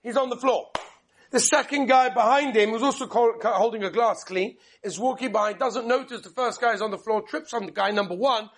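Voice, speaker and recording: A man with a high-pitched voice teaching a Torah class. He talks quickly and with animation, sprinkling Hebrew and Yiddish terms into his parables. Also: fairly bright tone. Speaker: Torah lecturer.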